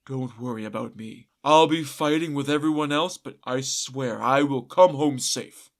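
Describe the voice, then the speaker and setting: A man's voice: mid-range voice, moderate pace, lightly acted. A man voicing a cunning peasant husband in a folktale, speaking with mock-dramatic solemnity. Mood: grave. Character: scheming, wily peasant husband feigning gravity.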